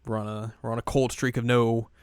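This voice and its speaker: Chatty man on a smooth, dry podcast mic. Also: mid-range voice, level tone, brisk, no echo. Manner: loose and chatty, acts out characters' lines in goofy voices. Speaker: podcast co-host. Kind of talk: casual chat.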